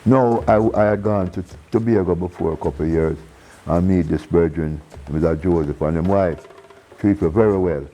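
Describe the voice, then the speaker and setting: A man with a Jamaican accent, a reggae singer telling stories in a casual interview. He is animated, acting out the voices of people in his stories and laughing often. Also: low voice, normal speed, rough recording. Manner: animated storyteller who acts out quoted voices and laughs often.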